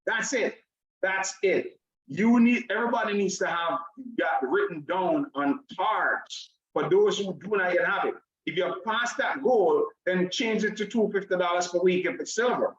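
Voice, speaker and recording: Energetic man hosting an online class. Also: on the high side. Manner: repetitive, asks "right?" after nearly every phrase; energetic, addresses the audience and the chat directly. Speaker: online class host and coach. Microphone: video call. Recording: dull, echoey video call audio.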